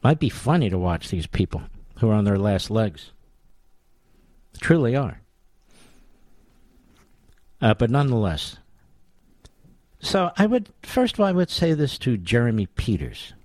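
A man's voice: medium pitch, big pitch swings, measured pace, pauses often, a little mellow, dry recording. A man hosting a political talk radio show, delivering a combative, sarcastic monologue.

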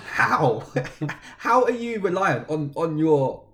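A man co-hosting a podcast in casual chat, explaining things quickly and emphatically. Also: on the high side, big pitch swings, a bit bright. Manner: fast, emphatic explaining, mocking voices. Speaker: podcast co-host.

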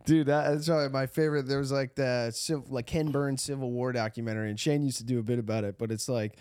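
A man's voice: mid-range voice, fairly even intonation, fast, a little mellow, smooth. A man co-hosting a comedy podcast in casual chat, rambling through stories with many restarts and frequent laughs. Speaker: podcast co-host.

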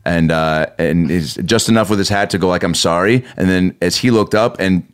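Young guy podcast host, lowish rough voice, tells stories all animated. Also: brisk. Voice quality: slightly rough voice. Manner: animated storyteller, acts out quotes. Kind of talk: casual chat and read ad.

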